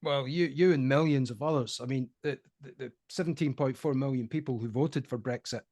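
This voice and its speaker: A man's voice: mid-range voice, fairly quick, a little mellow, dry recording, clean studio sound. A man hosting a casual political chat, opinionated and conversational. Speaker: host.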